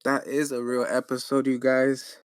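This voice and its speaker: A man's voice: medium pitch, monotone, moderate pace, clear, resonant tone. A man co-hosting a podcast, laid-back, chatting and making up a story. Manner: laid-back, says dude often. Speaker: podcast co-host. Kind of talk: casual chat and improvised storytelling.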